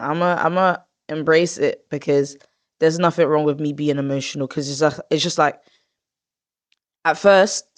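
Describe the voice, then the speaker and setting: A young woman hosting a podcast, talking casually in a rambling, heartfelt way with lots of fillers and self-corrections. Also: low voice. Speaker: podcast host.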